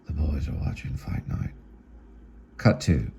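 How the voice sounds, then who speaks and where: Man, script read-through, dark mellow tone, varied pitch. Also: expressive, unhurried, a little hiss or hum. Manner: plain reading of scene directions, with small slips. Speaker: actor and channel host. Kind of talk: reading his own screenplay aloud.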